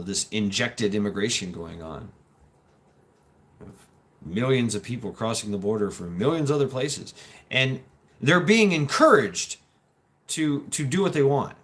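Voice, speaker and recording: A man hosts his own stream and talks off the cuff. His delivery is halting and rambling, with restarts, swearing and laughs as he answers chat. His pitch sits in an ordinary middle range. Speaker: livestream host reading chat. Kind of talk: casual talk, reacting to chat.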